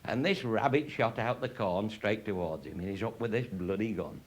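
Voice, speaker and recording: A man's voice: fairly low pitch, normal speed. A man telling comic anecdotes in a rambling, salty way, swearing constantly and laughing at his own jokes. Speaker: raconteur.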